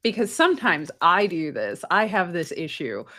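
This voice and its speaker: A woman's voice: lowish voice, big pitch swings, moderate pace, pushed and bright. A woman co-hosting a podcast in casual chat, laughing often and swearing casually. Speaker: podcast co-host.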